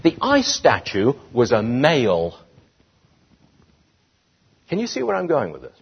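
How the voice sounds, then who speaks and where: A British man speaking to a live audience, his pitch swinging widely as he builds to indignant peaks. His voice is husky. The recording sounds dull and lo-fi. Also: a little slow, long pauses. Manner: animated, rising to indignant emphasis. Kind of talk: public speech.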